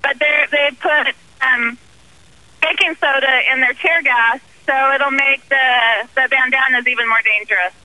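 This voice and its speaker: A woman's voice: sits high, steady tone, measured pace, sharp tone, dry recording, low-quality recording. A woman activist speaking by phone in an interview, earnest and indignant, with many ums. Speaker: guest activist.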